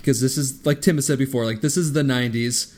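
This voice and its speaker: A man's voice: medium pitch, fairly even intonation, quick pace, a little mellow. A man co-hosting a casual movie-review podcast, sarcastic and often laughing through his jokes. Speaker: podcast co-host.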